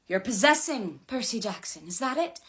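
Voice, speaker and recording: Woman doing a fierce teen girl hero, shouting orders, high and loud, storybook reading. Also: very animated, moderate pace. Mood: desperate. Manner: shouting, commanding. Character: desperate teenage girl demigod, defiant.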